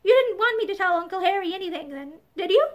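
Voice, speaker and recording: A woman's voice: very high-pitched, lively intonation, fast talker. A woman reading aloud as a grave, bookish little country girl who answers with prim dignity. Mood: testy. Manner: solemn, prim, a bit testy.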